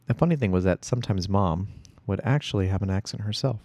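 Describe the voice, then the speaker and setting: A man reading a first-person story aloud in a steady storytelling voice. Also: on the low side, quick pace, hardly any pauses, no echo, lo-fi sound. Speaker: audiobook reader.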